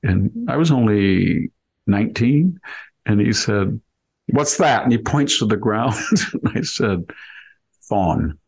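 A man's voice: lowish voice, animated, slow, gravelly, darkish tone, husky. An older man telling wry stories of his school days in casual conversation, laughing as he goes. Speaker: podcast host. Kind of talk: conversational storytelling.

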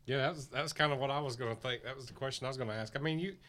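A man's voice: mid-range voice, rapid-fire, pushed and bright. A man hosting a racing podcast, asking questions in an upbeat, encouraging way. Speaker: podcast host. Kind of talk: casual interview chat.

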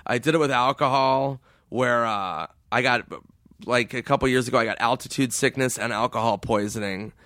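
A man in casual podcast chat, telling road stories with frequent laughs and swearing, jumping into a high goofy voice for quoted people. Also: normal speed, fairly bright tone, no echo, studio quality. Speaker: podcast guest.

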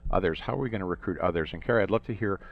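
Fast-talking deep-voiced male host. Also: creaky. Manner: brisk, prompting questions. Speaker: host and campaign leader. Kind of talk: conversational interview. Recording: dull lo-fi sound.

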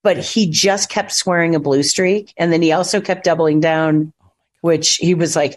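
Chatty woman telling lively stories. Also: lowish voice, moderate pace. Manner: chatty storyteller, acts out quotes. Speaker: actress, interview guest. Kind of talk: casual chat. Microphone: phone call.

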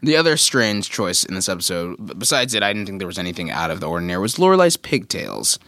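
A young adult man co-hosting a podcast, chatting casually in an animated, wry way. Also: low-pitched, quick pace, dry recording, studio quality. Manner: animated, wry, mimics lines. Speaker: podcast co-host. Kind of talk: casual chat.

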